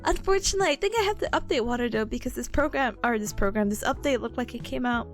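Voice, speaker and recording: A woman's voice: a little high, expressive, fast, faint music behind. A woman streamer chatting live with her viewers, bubbly and giggly, rambling as she goes.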